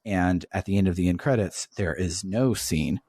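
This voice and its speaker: A man's voice: deep voice, normal speed, darkish tone, husky, dry recording, studio quality. A man hosting a podcast, casually retelling a video game's story and swearing freely as he goes. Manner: swears casually while recounting the plot. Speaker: podcast host.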